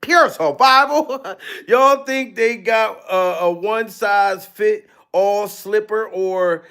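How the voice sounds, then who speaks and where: Loud profane man hosting a livestream. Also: high-pitched, slow, clean tone. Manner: loud, profane, laughing, mocking. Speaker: livestream commentary host. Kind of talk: live-stream commentary.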